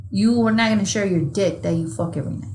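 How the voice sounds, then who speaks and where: A woman's voice: mid-range voice, fast, a little mellow, a little hiss or hum. A woman co-hosting a podcast in casual chat, blunt and profane, calling people bro. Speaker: podcast co-host.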